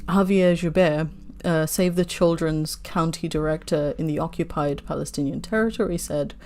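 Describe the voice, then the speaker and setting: A woman's voice: on the low side, a little mellow. A woman reading news articles aloud, breaking off into heated, sweary asides as she holds back tears.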